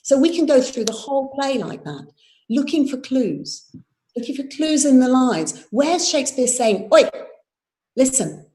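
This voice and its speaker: A woman's voice: high voice, sing-song, moderate pace, warm tone. A woman, a theatre director leading a live online workshop, explaining verse and tapping out its rhythm aloud. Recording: roomy echo.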